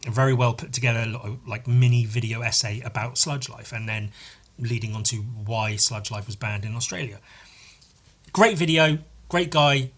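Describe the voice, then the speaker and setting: A man's voice: mid-range voice, a bit bright. A young British man hosting a casual solo podcast, rambling and sarcastic, swearing often and jumping up into silly voices. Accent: British English. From Britain. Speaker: podcast host.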